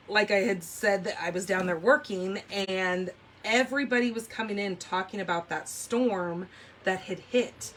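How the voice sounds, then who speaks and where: A woman's voice: mid-range voice, slight background noise. Chatty woman hosting a craft livestream. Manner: chatty, animated storyteller, says "oh my gosh" and "like" a lot. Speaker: papercraft livestream host. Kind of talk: casual chat while demonstrating card making.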